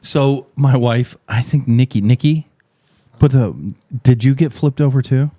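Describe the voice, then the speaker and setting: A middle-aged man hosting a podcast, telling a profane, animated story in casual chat. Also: a little slow, no echo. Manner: profane, animated storyteller, voice jumps high and loud when acting out shouts. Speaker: podcast host.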